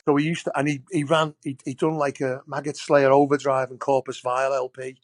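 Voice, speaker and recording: A man's voice: medium pitch, brisk, dry recording. Rambling man telling stories. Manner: rambling, animated anecdotes with many restarts. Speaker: podcast guest, wrestler. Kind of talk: casual storytelling.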